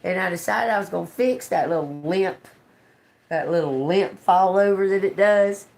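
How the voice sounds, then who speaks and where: A woman's voice: on the low side, normal speed, creaky, darkish tone, faint music behind. A woman chatting on a live stream from home into her phone, rambling, cursing and laughing as she tells a story. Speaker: tarot reader. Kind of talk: casual live-stream chat.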